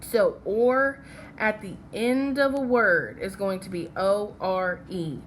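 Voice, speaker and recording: Slow, patient woman teaching phonics. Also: medium pitch, a little hiss or hum. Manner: patient, checks in with "okay?" after each step. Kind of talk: phonics lesson with slides.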